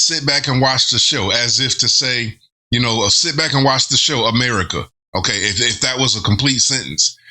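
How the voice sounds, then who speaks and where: A man's voice: medium pitch, bright, forceful tone. A man hosting a reaction video, thinking aloud about lyrics in casual commentary, with restarts and chuckles. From not from Britain.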